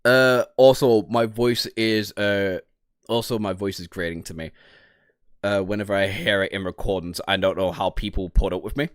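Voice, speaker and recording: A man from the North of England with a Northern English accent, casually chatting on a livestream. He swears freely, laughs often and jumps into high-pitched outbursts. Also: steady tone, moderate pace, smooth, no room sound, clean studio sound. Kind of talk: casual livestream chat, reading and reacting to chat.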